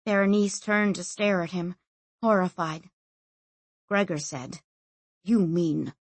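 Slow, husky woman reading a novel. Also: medium pitch, no room sound. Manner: expressive, acting out all figures. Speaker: audiobook narrator. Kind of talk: scripted narration.

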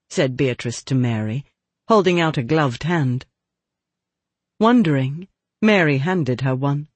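A man reading a novel aloud as narrator, with expressive, lively storytelling. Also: fairly high pitch, unhurried, pauses often, dry recording. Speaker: audiobook narrator. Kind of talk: scripted narration.

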